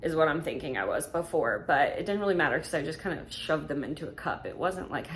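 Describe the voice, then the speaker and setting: A woman's voice: low voice, animated, fast, a little hiss or hum. A woman, talking casually through a Q&A vlog, frank and full of fillers. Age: 20s. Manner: chatty, filler-heavy, frank. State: slightly out of breath. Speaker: vlogger.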